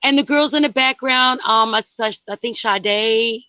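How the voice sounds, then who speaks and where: A hoarse woman from New Jersey with a Jersey accent, calling in to gush at length as a fan in casual chat. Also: a little high, unhurried, pushed and bright, dry recording, highs cut off. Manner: effusive, rambling fan talk. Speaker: caller.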